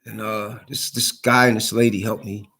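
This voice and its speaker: A man's voice: lowish voice, little pitch movement, moderate pace, sharp tone, slightly rough. A man in an angry, heated rant to camera, swearing a lot and repeating himself. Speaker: vlogger.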